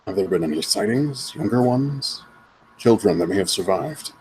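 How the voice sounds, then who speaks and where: A man playing his character in a tabletop game, speaking slowly and formally in character. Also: fairly low pitch, animated, darkish tone, husky, poor audio. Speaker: player. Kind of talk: in-character tabletop role-play.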